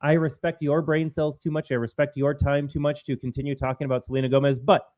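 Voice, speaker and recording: A man's voice: a little high, level tone, fast, dull audio. Combative male livestream commentary host. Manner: combative, sarcastic, mocking voices of opponents.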